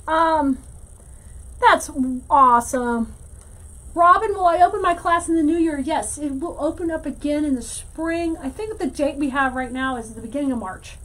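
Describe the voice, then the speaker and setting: A woman hosting a casual crafting livestream, chatting warmly to viewers and greeting them by name as she works. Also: high voice, normal speed, poor audio. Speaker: livestream host teaching wreath making.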